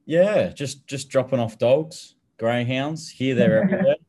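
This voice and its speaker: A man's voice: mid-range voice, measured pace, mellow. A young Australian man co-hosting a betting podcast, chatting loosely, laughing often and swearing casually. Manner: laid-back, laughs often, swears, repeats words. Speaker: podcast co-host. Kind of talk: casual chat.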